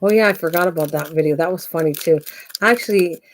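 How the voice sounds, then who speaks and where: A woman's voice: low voice, quick pace, slight background noise. An older woman hosting a craft channel on a live stream at home, chatting in a rambling, self-mocking way and laughing easily.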